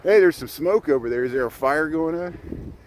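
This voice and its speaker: A man's voice: a little high, expressive, normal speed, low-quality recording. A man, chatting casually as he livestreams a bike tour along a city lakefront and points out the sights as he rides. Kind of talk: casual live tour commentary. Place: outdoors by a city lakefront harbor, riding a bike. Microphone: camera mounted on a bike. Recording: outdoor wind and traffic noise. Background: wind noise from riding.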